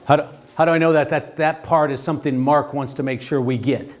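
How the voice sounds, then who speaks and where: A man teaching a theology class, talking in a halting way with many restarts and fillers and asking the class questions. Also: a little high, fairly even intonation. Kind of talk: classroom lecture.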